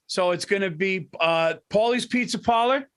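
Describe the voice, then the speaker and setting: Excitable, high-voiced New York man. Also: normal speed, clean tone. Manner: excitable, rambling, repeats himself. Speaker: podcast co-host. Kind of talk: casual chat.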